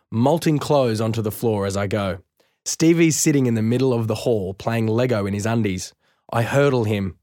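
A man narrating a first-person storybook aloud in a wry, lively way. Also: on the low side, moderate pace, dry recording, clean studio sound. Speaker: audiobook narrator.

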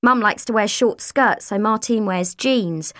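A woman narrating an audiobook, with expressive voices for each character. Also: mid-range voice, a little slow, no room sound, studio quality.

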